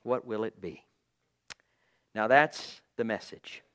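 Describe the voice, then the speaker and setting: A man preaching a fervent sermon, moving between hushed low passages and loud, emphatic proclaiming with repeated phrases and bursts of praise. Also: takes it slowly, clear, resonant tone. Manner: fervent, punctuated with praise exclamations.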